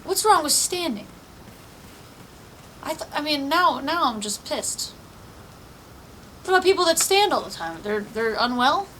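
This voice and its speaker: A woman's voice: high voice, very animated, measured pace, long pauses, fairly bright tone, slight background noise, low-quality recording. A woman streaming a video game from her apartment, chatting casually, laughing often and swearing freely as she thinks aloud. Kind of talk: casual live-stream chat while playing. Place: apartment room.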